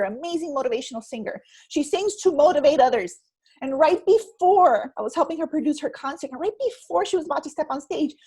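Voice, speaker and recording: A woman guest and stress coach talking in a conversational interview, telling stories and acting out quotes in an animated way. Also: high voice. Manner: animated storyteller, acts out quotes.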